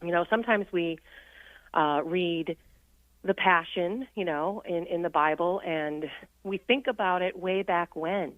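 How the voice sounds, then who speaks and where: A woman's voice: fairly low pitch, unhurried, no room sound. Earnest woman on a tinny phone line. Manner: earnest and reflective, laughs easily. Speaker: guest on a Catholic radio show. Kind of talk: casual spiritual chat on air. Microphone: phone call.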